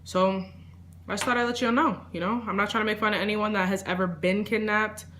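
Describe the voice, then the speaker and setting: A young woman telling a personal story in a casual vlog, rambling with lots of fillers and trailing off into quiet asides. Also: medium pitch, fairly even intonation, brisk, a little hiss or hum. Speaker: vlogger.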